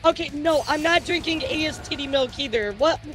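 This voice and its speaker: A woman streamer telling stories in casual livestream chat, animated and swearing freely. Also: high-pitched, normal speed, music in the background.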